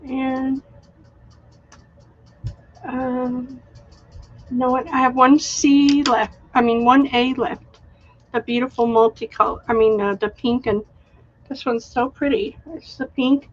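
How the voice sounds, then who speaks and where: A woman hosting a live online craft sale, chatty and unhurried, showing handmade items and reading out winning bidders. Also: high voice, level tone, dull audio. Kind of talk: live online sales stream.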